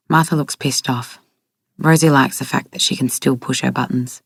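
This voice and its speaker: A woman narrating an audiobook in a steady, even way. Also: extremely low pitch, normal speed, vocal fry, husky, no echo, studio quality.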